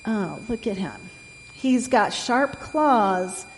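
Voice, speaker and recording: Storyteller: gentle woman reading to kids, slow and a bit high, echoey room. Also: expressive, slight background noise. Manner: gentle, asks the listener questions. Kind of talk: reading a picture book aloud.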